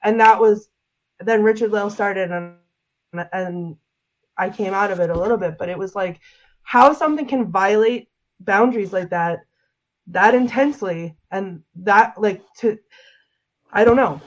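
A woman guest, speaking at medium pitch and a measured pace with many pauses, recounts a scary paranormal experience in an interview. She rambles, leans heavily on "like," and keeps restarting her sentences as she tells the emotional story. The audio lacks high frequencies.

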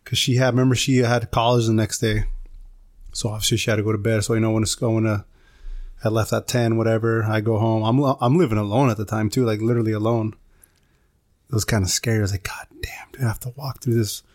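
A man's voice: lowish voice, flat delivery, fast talker, darkish tone, no echo, studio quality. A man co-hosting a podcast, telling a story in a casual, rambling way and saying "dude" a lot.

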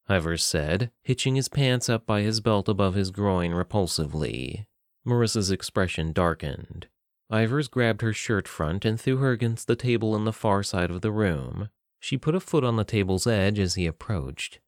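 Low-voiced man narrating a story. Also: moderate pace, dry recording, clean studio sound.

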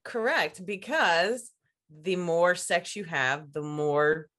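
Low-voiced frank woman chatting. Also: slow pace, a bit bright. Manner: frank, laughs often. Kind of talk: casual chat.

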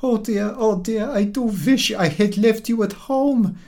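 A man's voice: high-pitched, unhurried, vocal fry, a little mellow, voice pushed up. A man voicing a feeble, anxious old milkwoman in an audiobook, wailing pathetically. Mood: fretful. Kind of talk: audiobook character voice.

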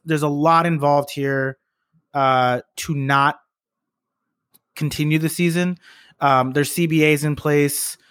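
A man co-hosting a podcast, talking sports in a measured, hesitant way with many fillers. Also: on the high side, dry recording, studio quality. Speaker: podcast co-host. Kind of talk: sports talk.

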